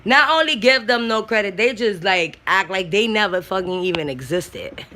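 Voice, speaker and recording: A woman's voice: medium pitch, expressive, normal speed, bright, forceful tone. A congested woman chatting on a livestream, blunt and slangy, swearing freely. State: congested from a cold. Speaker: YouTuber on a livestream. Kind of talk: casual livestream chat, reading comments.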